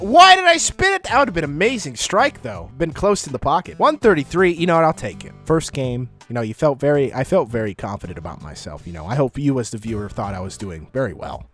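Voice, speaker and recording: Man, gaming commentator, lively swooping delivery, self-mocking jokes, frequent laughs, faint music behind. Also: fairly high pitch. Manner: joking and self-mocking, laughs often, sudden excited outbursts. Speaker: gaming YouTuber. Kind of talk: casual gameplay commentary. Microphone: close microphone.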